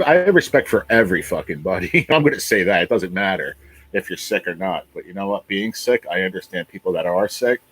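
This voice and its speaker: A man's voice: sits low, a bit bright, slightly rough, rough recording. A man in his late forties, hosting a casual livestream, talking bluntly, swearing a lot and repeating himself. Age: 40s. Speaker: livestream host.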